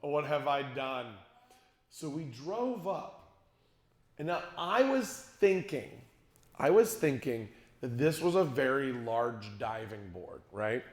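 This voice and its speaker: A man's voice: medium pitch, slow pace. A middle-aged man telling a funny story to a youth conference audience, acting out what people said and joking with the crowd. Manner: animated, acts out quotes, jokes with the crowd. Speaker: youth speaker. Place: large conference hall. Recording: echoey hall.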